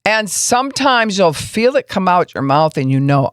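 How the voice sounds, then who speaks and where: A woman's voice: lowish voice, normal speed, clear, resonant tone, dry recording. Folksy woman pastor, dry close mic. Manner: folksy, animated, acts out what she describes. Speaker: pastor and podcast host. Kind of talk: casual teaching podcast.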